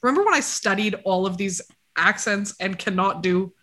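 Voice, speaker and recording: Woman reading dog dna stuff out loud, bright voice, rambly and jokey. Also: medium pitch, normal speed. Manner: chatty, scattered, jokey asides to her dog. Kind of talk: casual chat.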